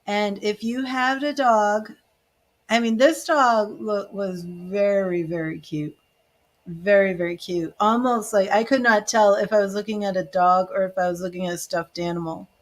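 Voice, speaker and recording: A woman's voice: mid-range voice, steady tone, moderate pace. A woman giving live psychic medium readings, chatty and emotional, with many fillers. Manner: emotional, gushing, tearful at times. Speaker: tarot reader and psychic medium.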